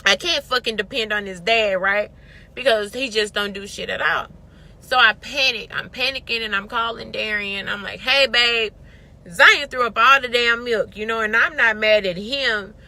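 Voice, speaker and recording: Profane venting young woman, bright voice. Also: mid-range voice, normal speed, gravelly. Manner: candid, profane, storytelling. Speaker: vlogger. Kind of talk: venting monologue to camera.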